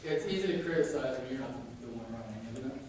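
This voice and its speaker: A man preaching a sermon in a church, telling jokey stories and shouting out quoted lines. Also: mid-range voice, animated, fast talker, noisy background. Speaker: pastor. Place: church sanctuary. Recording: echoey church room from a distance.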